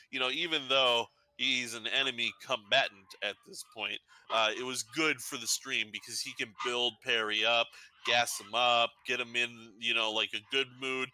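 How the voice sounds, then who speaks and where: A man's voice: mid-range voice, bright, forceful tone, poor audio. A man on a livestream, chatting casually and rambling with many fillers. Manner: rambling, filler-heavy, laughing asides. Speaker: co-host. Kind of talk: casual stream chat.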